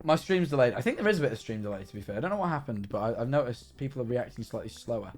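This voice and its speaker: Chatty man with a lively voice. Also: mid-range voice, racing, faint music behind. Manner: rambling, chatty, many restarts and fillers. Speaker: live streamer. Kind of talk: casual chat while playing a game.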